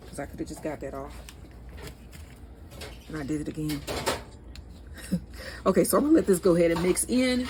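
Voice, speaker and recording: A woman with a St. Louis accent hosting a casual home cooking video, chatting to viewers as y'all and laughing at herself. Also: sits low. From St. Louis, USA. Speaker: cooking channel host. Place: home kitchen. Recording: noisy home recording.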